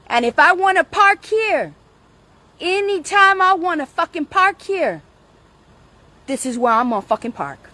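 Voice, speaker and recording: Woman, high and bright, outdoor livestream rant, confrontational and shouty. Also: sing-song, a little slow. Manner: confrontational, swearing, often shouting. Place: outdoors in front of her house.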